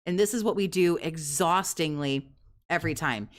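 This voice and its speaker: A woman hosts a reaction commentary, talking over a streamer's clips with open mockery. Her voice sits fairly low, and her tone stays sarcastic and profane. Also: lively intonation, normal speed. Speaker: commentary host.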